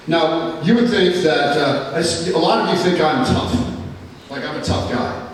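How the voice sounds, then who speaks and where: A man giving a personal testimony at a school chapel, telling his story in an earnest, plainspoken way with many pauses. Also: on the high side, a little hiss or hum. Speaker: school staff member giving a chapel talk. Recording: echoey hall from far off.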